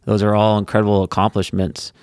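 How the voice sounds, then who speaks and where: Low-voiced podcast host, dry sound. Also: male voice, little pitch movement, darkish tone, clean tone, dry recording. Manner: measured, affirming, brief backchannels. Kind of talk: interview questions.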